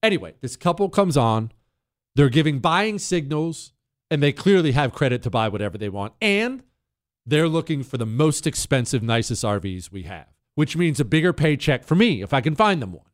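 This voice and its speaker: A man's voice: medium pitch, very animated, moderate pace. A man hosting a talk show, telling a long story in an emphatic way and talking straight to his listeners. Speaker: radio show host.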